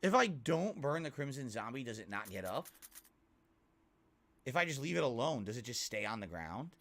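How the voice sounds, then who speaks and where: A man playing a horror video game and commenting casually, swearing often and breaking into alarmed shouts. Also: medium pitch, sing-song, moderate pace. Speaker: game streamer. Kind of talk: casual let's-play commentary.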